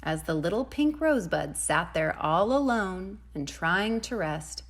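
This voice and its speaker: A woman preschool teacher reading a storybook aloud to children in a gentle, expressive storytelling manner. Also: on the low side, a little slow, few pauses.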